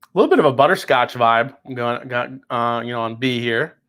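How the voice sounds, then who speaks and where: Brisk and a bit bright, this medium-pitched voice has lively intonation. Its owner, a whiskey reviewer hosting a livestream tasting, chats casually, laughs readily, and lets the odd swear word slip.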